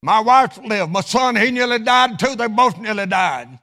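A middle-aged pastor preaches in a church with a high, gravelly voice. His phrases rise into a half-sung chant and then sink to a hushed prayer. Soft music plays underneath him. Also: expressive, normal speed. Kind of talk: sermon. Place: church sanctuary.

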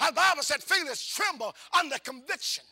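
A middle-aged man preaching a call-and-response sermon. He talks in a folksy, repetitive way, questions the congregation, and swings between hushed asides and fervent shouting. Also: very high-pitched, lively intonation, fairly quick.

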